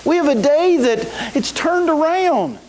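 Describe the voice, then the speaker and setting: Guy preaching a sermon, high voice, keeps asking the congregation stuff. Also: expressive, a little slow, a little mellow, rough recording. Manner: preaching to a congregation with call-and-response questions. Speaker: pastor. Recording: faint hiss.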